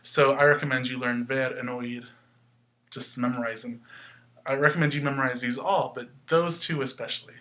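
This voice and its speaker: A man teaching a Spanish lesson, explaining slowly and patiently with some fillers. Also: mid-range voice, steady tone, pushed and bright. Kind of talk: recorded classroom lesson.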